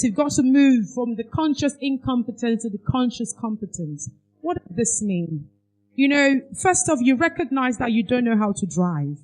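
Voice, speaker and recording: A woman's voice: on the high side, a little mellow. A woman giving a parenting workshop talk in a conference hall, asking the audience questions for them to finish aloud. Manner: quizzes audience with fill-in questions. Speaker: workshop speaker.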